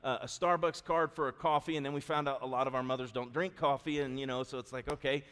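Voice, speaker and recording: A middle-aged pastor preaching in a church sanctuary, with a voice at an ordinary middle pitch. He moves from loud, folksy storytelling to soft, earnest appeals to his listeners. A long church-hall reverb trails after each phrase. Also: steady tone, fast. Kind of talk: sermon with storytelling.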